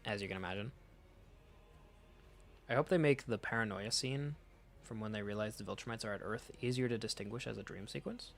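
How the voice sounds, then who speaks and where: A man's voice: lowish voice, a little fast, gravelly, long pauses, faint music behind. A man casually reading through a comic and reacting, rambling, swearing freely and laughing often. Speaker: comic reader, channel host.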